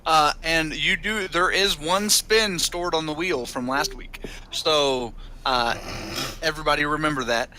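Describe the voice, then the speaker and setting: A man's voice: a little high, a little slow, noisy background. A young man running a tabletop game as game master, talking in a rambling, hesitant way full of fillers. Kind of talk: casual livestream chat.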